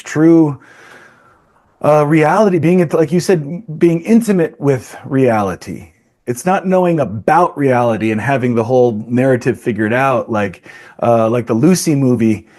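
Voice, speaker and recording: A man's voice: medium pitch, unhurried, darkish tone. A man hosting a podcast, reflectively thinking aloud in a philosophical discussion and posing rhetorical questions. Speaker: podcast host.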